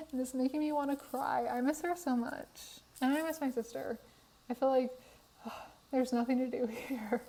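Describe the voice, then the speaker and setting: Young female creator, mellow and a touch high, tired, chatty voiceover recorded on a phone in an apartment. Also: low-quality recording. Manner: chatty, laughs often, tired. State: tired, worn voice. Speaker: Sims speed build creator. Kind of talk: casual voiceover chat. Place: apartment room.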